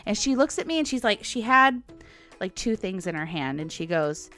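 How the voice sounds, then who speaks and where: A woman in her forties tells a rambling story on her podcast, laughing between lines and acting out what people said. Her voice swings up and down constantly. Soft music plays faintly behind her. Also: mid-range voice, normal speed. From United States. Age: 40s. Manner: animated, chatty, laughs often, acts out quotes. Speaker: podcast host. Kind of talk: casual storytelling monologue.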